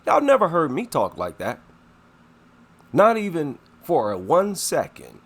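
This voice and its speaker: A man delivering reaction commentary in an unhurried, deliberate way. His pitch rises and falls widely as he presses his points, and his tone is scornful and indignant. He repeats lines for emphasis. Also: huge pitch swings, fairly bright tone, breathy edge. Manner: emphatic, repeats himself for effect.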